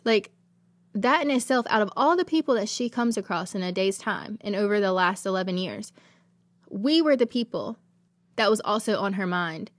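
A woman's voice: mid-range voice, expressive, normal speed, dry recording. A woman, hosting a podcast and telling a personal faith testimony in an earnest, emotional, rambling way. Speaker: podcast host.

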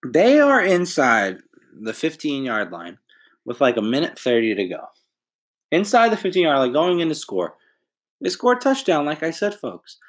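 A young man co-hosting a sports betting podcast, ranting angrily and profanely in a fast run-on way. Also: on the high side, huge pitch swings. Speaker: podcast co-host. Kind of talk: casual sports betting rant.

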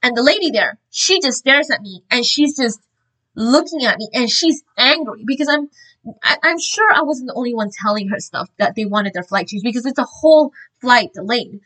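A woman earnestly sharing a religious testimony, telling her story in an animated, informal way with frequent fillers and restarts. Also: fairly high pitch, moderate pace, poor audio.

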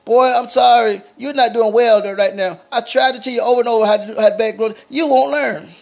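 A man's voice: extremely high pitch, steady tone, fast talker, vocal fry. A man voicing a stern but caring female boss in his story, blunt and firm.

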